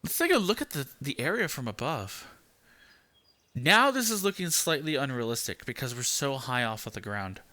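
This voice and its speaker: A young man giving casual gameplay commentary, rambling with lots of fillers and keeping his voice deliberately high. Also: big pitch swings, pushed and bright. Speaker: game channel host.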